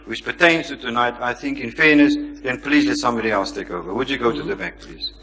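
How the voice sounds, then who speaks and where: Firm insistent chairman, bright edge, echoey lecture hall. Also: mid-range voice, fast talker. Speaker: event chairman. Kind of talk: chairing a public Q&A. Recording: long hall reverb.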